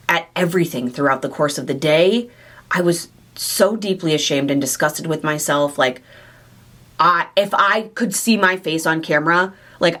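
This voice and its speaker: A woman hosting a question-and-answer vlog to camera, speaking candidly and warmly about her own weight loss journey and her affection for her viewers. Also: deep voice. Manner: candid, heartfelt, confiding. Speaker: weight loss surgery coach and channel host.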